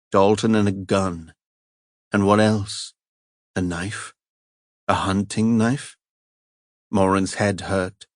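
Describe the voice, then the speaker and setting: An audiobook narrator reads a crime thriller in a measured, even storytelling style, his voice sitting on the low side. The scripted narration is studio quality, with no room sound.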